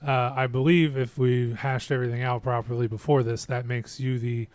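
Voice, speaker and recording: A man's voice: medium pitch, little pitch movement, normal speed, darkish tone, smooth, no room sound. Male game master, casual, hesitant delivery. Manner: hesitant, many fillers. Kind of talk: casual game session chat.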